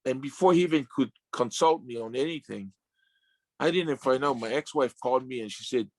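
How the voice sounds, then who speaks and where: A man's voice: medium pitch, a little fast, no echo. 50s guy telling his story on a podcast, keeps restarting, dry close mic. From Samoan family. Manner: emotional, repetitive restarts, casual slang. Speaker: guest, retired sumo wrestler. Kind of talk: candid interview storytelling.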